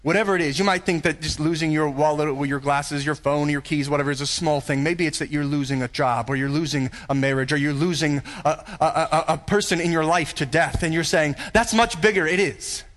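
A pastor delivering a sermon in an earnest, emphatic way, full of rhetorical questions. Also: male voice, on the high side, steady tone, fairly quick, few pauses, a bit bright.

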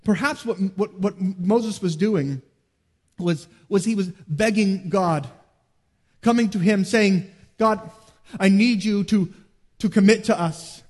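High-voiced man preaching in a big hall. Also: slow pace, a little mellow. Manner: earnest preaching, rising to emphatic peaks and dropping low. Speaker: pastor. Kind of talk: sermon.

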